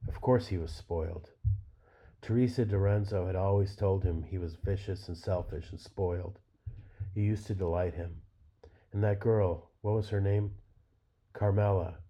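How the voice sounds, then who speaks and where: A man reads literary fiction aloud, measured and unhurried. His voice is low and very dark and mellow. The recording is dull and lo-fi. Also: fairly even intonation, breathy edge. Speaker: reader.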